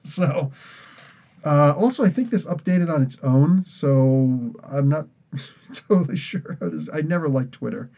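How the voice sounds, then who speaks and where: A man's voice: fairly high pitch, expressive, measured pace, dark tone, lo-fi sound. A man from New Jersey hosting a casual comics podcast livestream, tired and rambling, laughing often. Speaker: podcast host.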